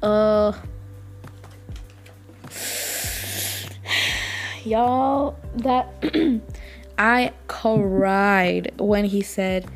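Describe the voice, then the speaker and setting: Gushing woman with a gravelly edge. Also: mid-range voice, fairly even intonation, extremely slow, pauses often, faint music behind. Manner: gushing and chatty, with many fillers. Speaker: podcast host. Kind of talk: casual chat.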